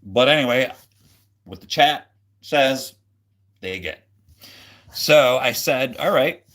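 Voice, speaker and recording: A man's voice: mid-range voice, animated, slow, a bit bright. Rambling man chatting on a livestream. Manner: rambling, many fillers and restarts; jokey, goofy. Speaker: livestream host. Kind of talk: casual livestream chat.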